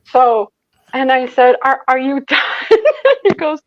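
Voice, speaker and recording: A woman's voice: high voice, steady tone, unhurried, dry recording, dull audio. A woman from Michigan, a psychic medium, telling a story as an interview guest, laughing often and acting out the voices she quotes. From Michigan, USA. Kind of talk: animated storytelling in a casual interview.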